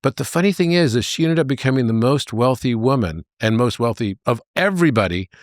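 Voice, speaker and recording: A man as a podcast guest, telling anecdotes in an animated way and jumping into high voices for the characters. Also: fairly quick, no echo, clean studio sound. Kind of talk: conversational storytelling.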